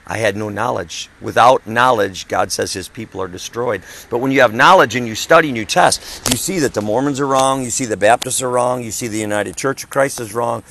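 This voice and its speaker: A man's voice: medium pitch, a little fast, few pauses, a bit bright, slight background noise, poor audio. A man in his fifties, a traveling evangelist, preaching emphatically in conversation and repeating his phrases. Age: 50s.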